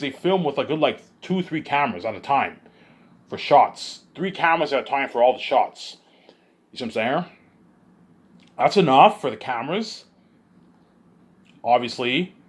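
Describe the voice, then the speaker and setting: Husky man rambling excitedly. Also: mid-range voice. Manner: excitable, repeats himself, puts on voices of others. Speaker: vlogger. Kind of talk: rambling monologue.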